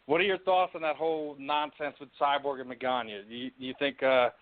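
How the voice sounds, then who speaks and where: A man's voice: mid-range voice, fairly even intonation, fairly quick. A man hosting a casual interview, rambling with many fillers and laughing easily. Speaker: podcast host. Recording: tinny phone-like line.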